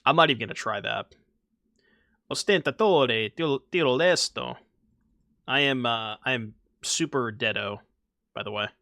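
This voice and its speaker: A man's voice: on the low side, a little fast, gravelly, pushed and bright, no echo, clean studio sound. A young man streaming a card game, chatting casually with his audience and joking about himself. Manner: chatty, self-mocking, talks to chat. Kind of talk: casual gameplay commentary.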